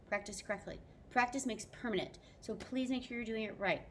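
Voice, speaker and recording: A woman's voice: mid-range voice, a little fast, a little hiss or hum. Upbeat woman teaching a French lesson. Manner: upbeat, mixes French phrases into English teaching. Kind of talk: recorded video lesson for students.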